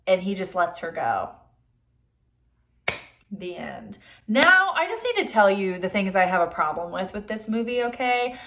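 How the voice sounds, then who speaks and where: A woman's voice: medium pitch, big pitch swings, a bit bright. A young adult woman casually retelling a film's plot for her channel in a chatty way, with lots of "like" fillers. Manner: chatty, says "like" a lot; acts out characters' lines in quick voices. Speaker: movie reviewer.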